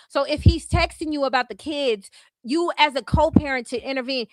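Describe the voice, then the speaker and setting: A woman's voice: high-pitched, fairly quick, a bit bright, dry recording. A woman hosting a casual reaction stream, giving blunt, sassy commentary full of profanity and mocking asides.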